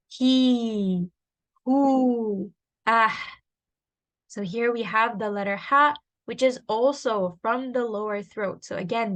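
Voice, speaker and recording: A woman's voice: on the high side, fairly bright tone. A woman teaching a tajweed lesson, patiently explaining and sounding out letters one by one. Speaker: Quran recitation teacher.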